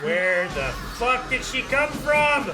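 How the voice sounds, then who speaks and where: A young man in a casual movie reaction, excitable and swearing as he laughs through fight scenes, with the film soundtrack playing behind. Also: very high-pitched, takes it slowly, very noisy. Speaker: show regular, movie reactor.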